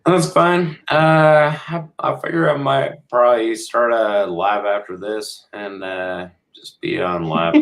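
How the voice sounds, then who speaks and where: A deep-voiced American man talks loosely as a guest on a video call. He rambles along, piling up fillers and restarting his sentences. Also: steady tone, slow pace, gravelly, hardly any pauses, fairly bright tone. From United States. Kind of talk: casual chat.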